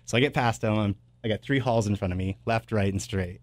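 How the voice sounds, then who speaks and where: A man's voice: on the low side, a little fast, dry recording. A man in his thirties, a radio host telling casual, rambling stories on air with lots of filler words. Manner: rambling and anecdotal, full of "uh" and "blah, blah".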